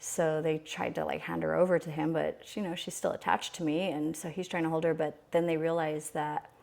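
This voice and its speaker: A young woman with a low voice tells her birth story in an interview. Her tone is candid and reflective, with frequent restarts. A gravelly fry runs through her speech. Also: level tone, fairly quick, a little mellow. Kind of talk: conversational storytelling.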